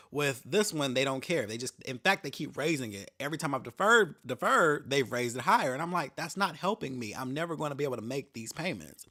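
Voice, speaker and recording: Animated, profane man ranting. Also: mid-range voice. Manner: profane, animated storytelling with mocking voices. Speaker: podcast host. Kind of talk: casual solo rant.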